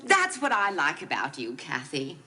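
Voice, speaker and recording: A woman's voice: low voice, huge pitch swings, normal speed, bright, forceful tone, exaggerated voice. An actress playing an affected, theatrical rich young woman in a 1970s TV soap opera, gushing as she talks.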